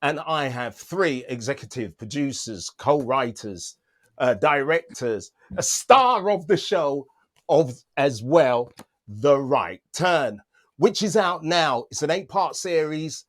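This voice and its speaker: A man's voice: on the high side, animated, takes it slowly. A man hosting an interview over a video call, joking, rambling and laughing often. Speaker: interview host. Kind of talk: casual interview.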